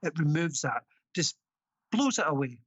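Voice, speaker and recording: A man's voice: a little high, big pitch swings, normal speed, a bit bright, breathy edge, no echo. A Scottish man being interviewed as an author and researcher, talking earnestly and insistently, with plenty of ums. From Scotland. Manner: earnest, insistent, many fillers. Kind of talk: casual interview talk.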